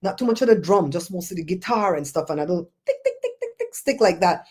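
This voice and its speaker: A Belizean woman hosting a livestream, chatting in a rambling, animated way and answering viewers' comments. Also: fairly low pitch, quick pace, slightly rough. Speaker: show host. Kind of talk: casual livestream chat, reading comments.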